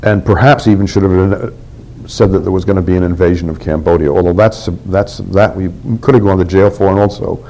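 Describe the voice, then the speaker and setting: A man's voice: low voice, fairly even intonation, a little fast, gravelly, warm tone, rough recording. An older man telling a candid story from his past in an oral history interview, acting out what others said.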